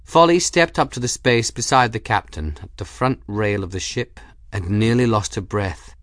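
A man narrating a fantasy audiobook in measured, even scripted narration. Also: on the low side, no room sound, clean studio sound.

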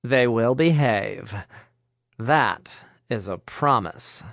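A man's voice: mid-range voice, lively intonation, drawn-out words, vocal fry, fairly bright tone, no room sound, clean studio sound, full character voice. A man doing a serene, commanding young woman. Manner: serene, firm.

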